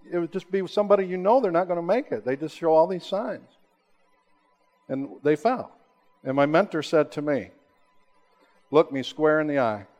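Man preaching, hushed to booming. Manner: swings from loud emphatic peaks to hushed, slow, low-voiced lines. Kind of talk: sermon. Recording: long hall reverb.

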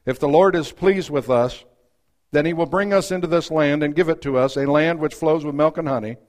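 A man with a high voice preaching a sermon. He reads scripture aloud and acts out the voices in it. He swings from loud, rising outbursts to quiet, hushed asides. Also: a little fast.

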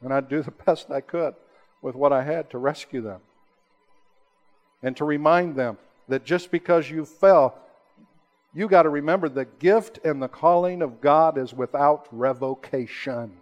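A man preaching a sermon, rising to emphatic high peaks and then dropping to slow, hushed, low lines. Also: dull audio. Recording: long hall reverb.

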